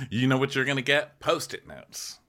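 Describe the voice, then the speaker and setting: A man's voice: very animated, moderate pace, sharp tone. A man co-hosting a comedy recap podcast, joking and riffing with his co-host in casual chat. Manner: jokey, does exaggerated high falsetto impressions.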